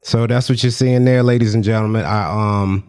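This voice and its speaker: A man's voice: on the low side, fairly even intonation, normal speed, a little mellow, clean tone. Blunt, slangy male podcast co-host. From American South. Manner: blunt, slangy, laughs often. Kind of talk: casual chat.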